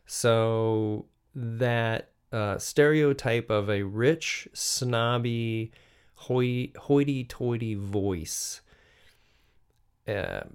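Podcast host, American man, middle-aged, unhurried reflective monologue, smooth clear voice. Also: mid-range voice. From United States. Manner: musing, unhurried, with frequent restarts and fillers.

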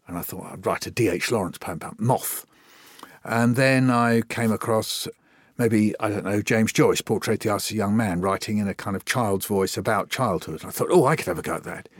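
A man's voice: on the low side, no room sound, clean studio sound. An older man, a guest poet and children's author telling anecdotes in a conversational interview and acting out remembered dialogue. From Britain.

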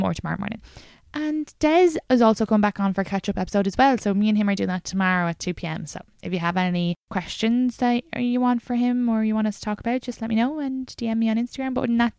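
A woman's voice: mid-range voice, vocal fry, a little mellow, clean tone, dry recording, clean studio sound. A woman hosting a podcast, introducing the episode in a chatty, casual way. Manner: chatty, quick intro with plugs. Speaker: podcast host.

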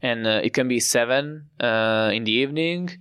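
A young Italian man with an Italian accent, explaining his family's winemaking with pride and frequent pauses. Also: medium pitch, a bit bright, clean tone, dry recording, studio quality. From Italy. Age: young adult. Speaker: winemaker guest. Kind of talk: podcast interview.

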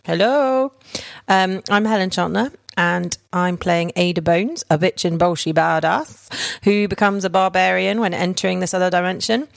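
Woman player, gravelly voice, blunt and sweary, dry close sound. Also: on the low side, moderate pace, few pauses, no echo. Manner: blunt, swears, laughs easily. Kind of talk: casual chat.

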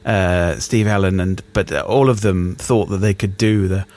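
A man's voice: low-pitched, normal speed, a little mellow. A middle-aged man co-hosting a podcast, talking casually in a hesitant, dry, easygoing way. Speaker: podcast co-host. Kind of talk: casual chat.

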